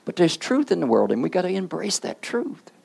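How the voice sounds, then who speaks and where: A man preaching a sermon in plain colloquial speech. He keeps asking the listener questions, often prodding with "huh?", and swings between hushed and loud passages. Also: sits high, wildly swooping pitch, a little fast, creaky, husky. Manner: rhetorical questions with repeated "huh?"; informal colloquial grammar.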